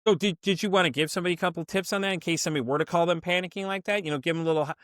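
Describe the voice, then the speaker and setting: A man hosting a podcast interview, telling a story in a rambling, animated way with many restarts. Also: high voice, racing, few pauses, no echo, clean studio sound. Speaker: podcast host. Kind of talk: casual interview chat.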